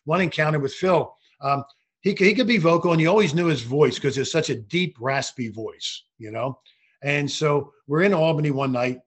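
An older man, a former referee, telling animated anecdotes in a casual interview, with frequent restarts. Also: on the high side, slightly rough. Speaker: guest, former basketball referee.

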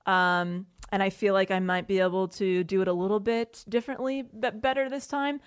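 A woman's voice: mid-range voice, fairly even intonation, normal speed, clear, resonant tone. A woman in her late twenties co-hosting a podcast, talking candidly and casually and swearing freely. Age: late 20s. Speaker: podcast co-host. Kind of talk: casual chat.

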